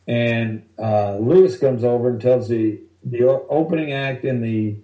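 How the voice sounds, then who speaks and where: A male stand-up comedian telling rambling, animated stories from the road in a casual interview. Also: medium pitch, unhurried, roomy sound, rough recording. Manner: animated, rambling anecdotes that act out other people's lines.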